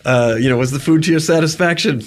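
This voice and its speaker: A groveling male rat cook from a fantasy tabletop game, bowing and scraping for his master's approval. A man puts him on, speaking quickly and eagerly. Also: on the high side, close to an everyday voice. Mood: obsequious. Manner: servile, hurried and eager to please.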